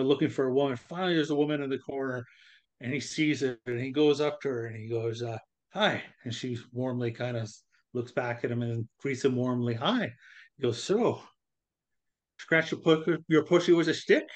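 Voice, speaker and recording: A man's voice: mid-range voice, moderate pace. A man co-hosting a casual podcast, telling a joke and acting out the voices in it. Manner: animated storyteller, acts out voices. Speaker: podcast co-host.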